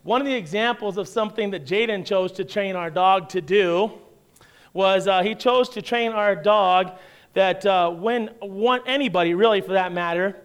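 A man's voice: high voice, normal speed, smooth. A man preaching a sermon in a church, telling a family story in a conversational way with wry humor. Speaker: pastor.

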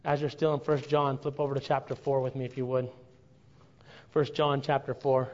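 A man preaching a sermon to his congregation, earnest and building to impassioned, drawn-out emphasis. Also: mid-range voice, little pitch movement, a little mellow, highs cut off. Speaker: pastor.

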